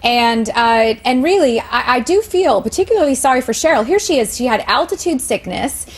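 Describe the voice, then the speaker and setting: A woman's voice: high voice, lively intonation, normal speed, slightly rough. A woman showbiz reporter chatting on a morning TV show in a gossipy way, with many fillers.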